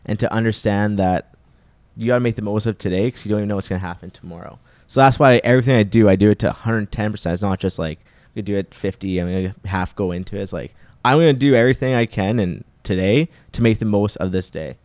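An earnest young man from Canada, speaking as a guest on a podcast. His voice sits low in pitch. His words keep circling back to encouragement, and the recording is dry and close, with no room sound. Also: fast, a little mellow, dry recording. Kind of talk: casual chat.

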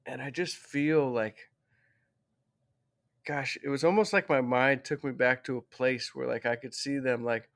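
A man's voice: medium pitch, a bit bright. A man who is a guest on an interview show, telling a story in a rambling, heartfelt way and often correcting himself.

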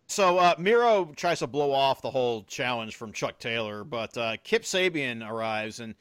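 A man's voice: mid-range voice, expressive, moderate pace, fairly bright tone, clean tone, no echo. A man co-hosting a casual wrestling podcast, recapping matches with lots of fillers and laughs. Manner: chatty recapper, laughs easily, many fillers. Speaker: podcast co-host recapping a show.

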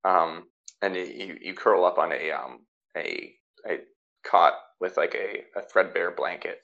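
A man narrating as game master for a tabletop game, halting often with fillers and restarts. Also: low voice, gravelly, a bit bright, lo-fi sound.

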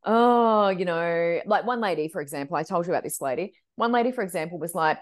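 A woman's voice: lowish voice, fast, hardly any pauses. A woman who works as a medium, telling stories in a casual podcast chat and acting out the voices of people in them. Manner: animated, acts out quoted voices.

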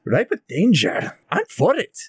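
Player, male, boisterous and laughing, high-ish animated voice, dry mic. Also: unhurried, breathy edge, dry recording. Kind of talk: playing a tabletop game while drinking.

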